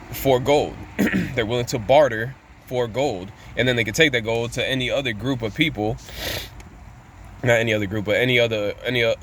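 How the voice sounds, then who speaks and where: A man's voice: mid-range voice, fairly bright tone. Profane ranting man, faint street noise. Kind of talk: casual monologue.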